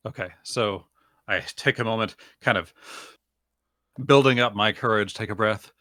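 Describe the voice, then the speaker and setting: A man's voice: fairly low pitch, normal speed, sharp tone, no echo, clean studio sound. A man playing a tabletop game, talking casually and a little hesitantly. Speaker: player.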